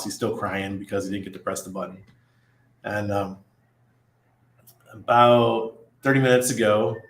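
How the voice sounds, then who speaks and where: A middle-aged man hosting a casual livestream, chatting loosely, laughing often and reading viewer comments aloud. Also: on the low side. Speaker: livestream host. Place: apartment above a busy nightlife street. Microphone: studio mic at desk. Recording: echoey room.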